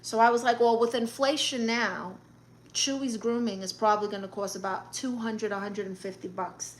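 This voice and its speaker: A woman's voice: on the high side, steady tone, normal speed, lightly acted. A woman voicing a brash, boastful, middle-aged aunt from Brooklyn who plays at being a therapist, hosting a livestream and reading out chat comments with blunt sass and a Brooklyn accent. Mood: sassy. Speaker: livestream host.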